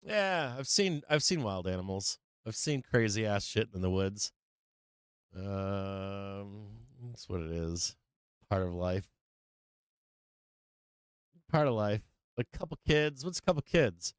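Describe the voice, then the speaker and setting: A man's voice: fairly low pitch, expressive, takes it slowly, long pauses, clean tone, no room sound, studio quality. A middle-aged man hosting a casual trading livestream, ranting with lots of swearing and laughing as he talks. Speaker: livestream stock trading host.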